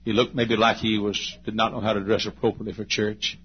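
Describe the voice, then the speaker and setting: Man, late 50s, preacher, husky tone, dramatic storytelling sermon, dull lo-fi church recording. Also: on the low side, level tone, a little fast. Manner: dramatic storyteller, swings from loud to hushed.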